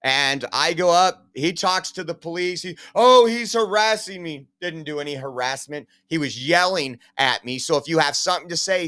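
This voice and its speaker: Bright-voiced sarcastic male podcast host. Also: on the high side. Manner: emphatic, sarcastic, rambling. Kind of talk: opinionated commentary.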